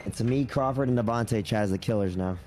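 A young man with a lowish voice chats while gaming with friends. He stumbles and restarts often and swears freely. Faint hiss sits under the recording. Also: fairly quick, darkish tone. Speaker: gaming guest. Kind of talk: casual gaming chat.

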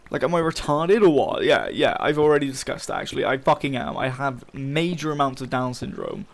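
Playing through a Minecraft map for his let's play, a young YouTuber swears freely and rants frustratedly about losing. He speaks briskly at medium pitch, barely pausing at all.

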